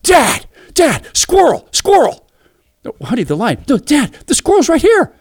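A man voicing his excited, curious little daughter in a high squealing voice. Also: a little fast, breathy edge, full character voice.

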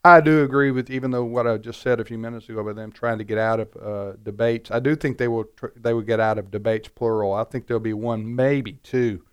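A man giving political commentary in casual panel talk, halting and repeating words as he starts his points. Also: mid-range voice, steady tone, smooth, dull audio.

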